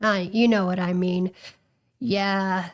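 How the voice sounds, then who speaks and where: A woman's voice: mid-range voice, fairly even intonation, takes it slowly. A woman hosting a casual livestream, chatting and thinking aloud with lots of fillers and restarts. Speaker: livestream host.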